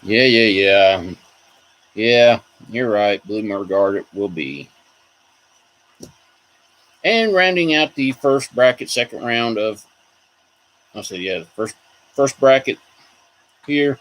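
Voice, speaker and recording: A man's voice: fairly low pitch, lively intonation, takes it slowly, long pauses, fairly bright tone, poor audio. A man hosting a casual video, rambling about collectible figures and reacting to viewer comments. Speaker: toy collector host. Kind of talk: casual chat.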